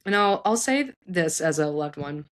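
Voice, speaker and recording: Lower-voiced woman giving earnest parenting advice. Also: normal speed. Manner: earnest, animated, frequent restarts and self-corrections. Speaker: psychologist and show host. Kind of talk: casual advice talk for parents.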